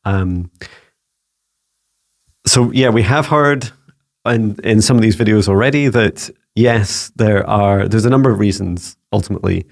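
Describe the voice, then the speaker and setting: A man's voice: on the low side, a little slow, vocal fry. A man and psychic mentor answering viewer questions in a rambling, casual way. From Scotland. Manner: warm-hearted, rambling, frequent restarts and fillers.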